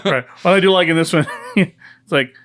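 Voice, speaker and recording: Male podcast co-host, higher-pitched, sarcastic joker who swears freely in casual film chat. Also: brisk, fairly bright tone.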